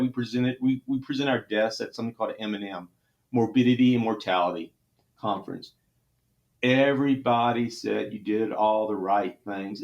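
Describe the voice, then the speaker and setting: A middle-aged trauma surgeon from Texas, speaking with a Texan accent, tells an emotional story in an interview. He's earnest and halting, often restarting his sentences. His mid-range voice comes through a muffled recording.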